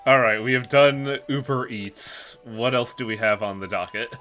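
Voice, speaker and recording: A man's voice: medium pitch, moderate pace, a bit bright, soft background music. A man streaming a game, chatting casually and swearing freely. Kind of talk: casual chat while playing a game.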